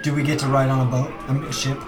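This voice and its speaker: A man playing a tabletop game, excitable and goofy. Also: mid-range voice, racing, over music. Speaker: player.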